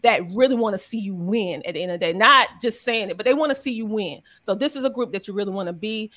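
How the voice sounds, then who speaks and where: A woman from South Carolina, giving an energetic, preachy, joking promotional pitch in a podcast chat. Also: quick pace. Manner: energetic, preachy, jokey with big swings. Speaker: podcaster and event speaker.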